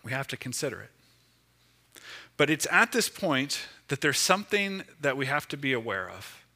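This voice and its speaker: A man's voice: on the high side, sharp tone. A man preaching a sermon as pastor, speaking emphatically with repeated phrases.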